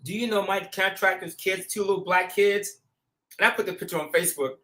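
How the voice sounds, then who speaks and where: This show host speaks in a high, brisk male voice as he spins casual stories. He's animated and slangy, acting out quotes and laughing along the way.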